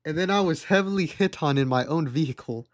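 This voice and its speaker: A man's voice: on the high side, fairly quick. A young adult man streaming live, telling a rambling story and laughing at it.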